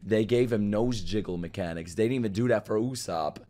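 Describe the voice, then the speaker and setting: A man's voice: fairly low pitch, a little fast. A man hosting a first-time reaction video, swearing in disbelief and breaking into laughter as he comments. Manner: profane, incredulous, bursts of laughter. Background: faint music from the clip he is watching.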